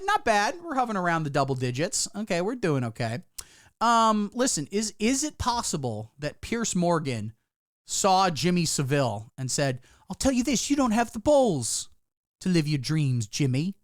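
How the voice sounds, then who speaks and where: Sarcastic guy streamer rambling and swearing, lively swoopy voice, dry room. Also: on the high side, no echo. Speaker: livestreamer. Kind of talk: casual live-stream commentary.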